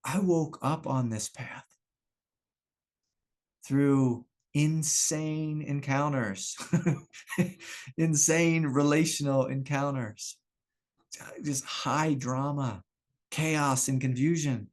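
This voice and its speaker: A man's voice: a little high, steady tone, drawn-out words, long pauses. Man, spiritual teacher, satsang talk, candid, repeats himself, video call. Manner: candid, self-reflective, laughs often, repeats phrases.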